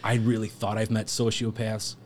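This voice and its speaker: A man talks loosely through a story, full of filler words and laughs. His voice sits low, and a faint hiss runs underneath. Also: little pitch movement, moderate pace, darkish tone. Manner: rambling, heavy use of filler words; laughs while telling stories. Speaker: podcast guest. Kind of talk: casual storytelling.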